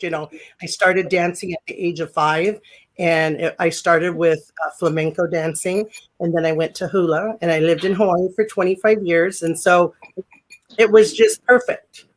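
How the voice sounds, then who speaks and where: A middle-aged woman with a naturally deep voice talks as a guest in a relaxed interview. She tells her stories in a loose, chatty way, full of fillers and self-corrections. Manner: chatty storyteller, many fillers and restarts. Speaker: guest, former pro wrestler. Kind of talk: casual interview chat.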